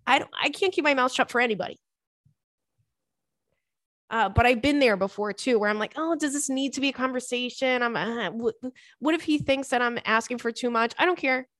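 Young woman podcast host, blunt and animated, casual swearing, dry close mic. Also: fairly high pitch, a little fast, dry recording. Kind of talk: casual podcast chat reading a listener letter.

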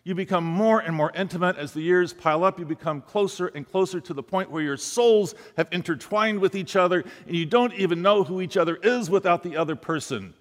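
A man's voice: high voice, fairly quick, few pauses. A man preaching a sermon as a pastor, telling a story and acting out the voices of the people in it. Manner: storytelling, acts out quoted speech. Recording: long hall reverb.

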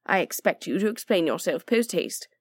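A lazy, witty aristocrat drawls his lines with droll sarcasm, voiced by a woman. The voice sits low and relaxed. It is recorded close with no room around it, like a story read aloud. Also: moderate pace, dry recording. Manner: droll, languid and teasing. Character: dry, sardonic aristocratic man, lazy and witty.

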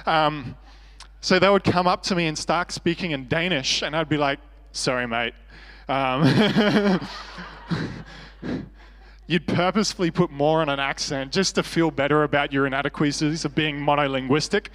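A man's voice: fairly high pitch, fairly even intonation, fairly quick, fairly bright tone, big-room sound. An Australian man preaching a sermon as pastor, earnest and conversational with self-deprecating humor.

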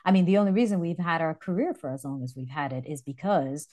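A woman co-hosting a casual podcast as a dance instructor, chatty and quick to laugh. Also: low voice, lively intonation, a little mellow.

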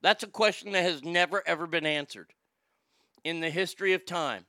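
A man's voice: fairly high pitch, moderate pace, sharp tone, no room sound, clean studio sound. A man hosting a live show, ranting about politics in a heated, sarcastic and profane way, often stammering and restarting when worked up.

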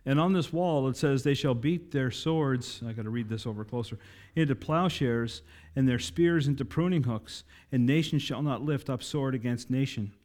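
A man's voice: medium pitch, normal speed, hardly any pauses, darkish tone. A man preaching a sermon, building to emphatic, rousing climaxes and talking directly to his congregation. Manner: preaching with rising emphatic climaxes and audience asides. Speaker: pastor.

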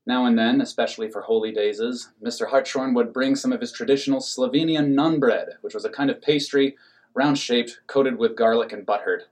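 A man narrating an absurd comic story in a deadpan, matter-of-fact way. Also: mid-range voice, normal speed.

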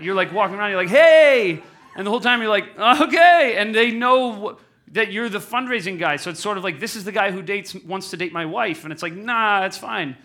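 A man's voice: sits high, bright, forceful tone. A man in his thirties giving a candid, self-deprecating talk to a live audience, often asking the crowd questions. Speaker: speaker at a live event.

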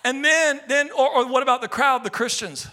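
A male pastor preaching a sermon with passion, swinging from shouted cries down to hushed, quiet appeals. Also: very high-pitched, moderate pace.

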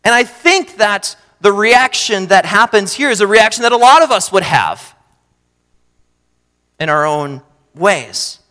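A man preaching a sermon, swinging between loud emphatic bursts and quiet low asides. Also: expressive, unhurried. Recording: long hall reverb.

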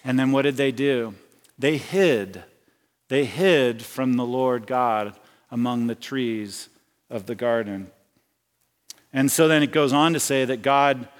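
Conversational male pastor in a reverberant hall. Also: medium pitch. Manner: conversational, with repeated restarts and personal anecdotes. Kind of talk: sermon. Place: church sanctuary.

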